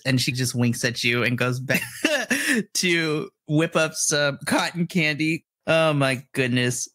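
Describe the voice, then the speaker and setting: A man narrating a tabletop game as game master, excitable and giggly, often restarting his sentences. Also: a little high, a little slow.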